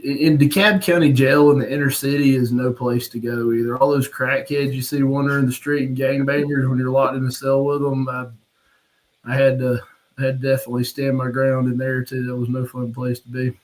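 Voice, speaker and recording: A man telling a rough story in casual chat, blunt and profane, laughing at himself. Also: medium pitch, flat delivery, a little fast, low-quality recording. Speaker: podcast host. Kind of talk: casual storytelling on a live stream.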